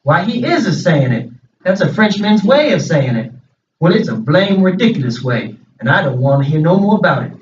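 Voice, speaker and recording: A man's voice: a little high, very animated, moderate pace, slight background noise. A man voicing a stubborn, folksy grown man in a plain reading voice with rustic dialect speech, recorded from a distance in an echoey room with a dull sound. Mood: indignant.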